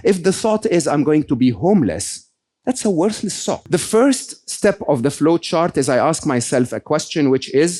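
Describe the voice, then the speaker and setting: A man's voice: fairly high pitch, moderate pace, hardly any pauses. A middle-aged man speaking to a live audience, telling stories and acting out quotes, questioning the room as he talks. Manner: animated storytelling, acts out quotes, asks the audience questions. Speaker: speaker on happiness, podcast host.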